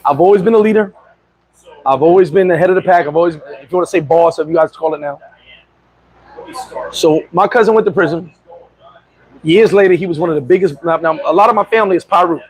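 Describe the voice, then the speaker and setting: A middle-aged man telling a story casually on a livestream, boastful and animated, laughing and swearing often. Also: fairly high pitch, fast, pauses often, poor audio. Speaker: vlogger.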